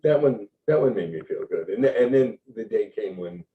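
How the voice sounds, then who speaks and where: A man who is a guest writer in an interview, halting and searching for words, laughing often. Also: lowish voice, animated. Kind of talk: casual interview chat. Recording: dull distant call audio with faint noise.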